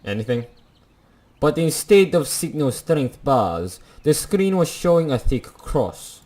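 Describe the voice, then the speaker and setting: A man's voice: a little high, big pitch swings, slow pace, darkish tone. A young man playing a visual novel, reading its text aloud and cracking jokes in between. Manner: jokey asides between dramatic read lines. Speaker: let's play gamer.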